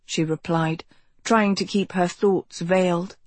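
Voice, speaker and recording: A woman reads a novel aloud, slowly and evenly, with a husky edge to her voice. She sounds close and dry, as if in a small treated booth. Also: fairly low pitch, steady tone, darkish tone, no room sound. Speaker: audiobook narrator. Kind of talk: scripted audiobook narration.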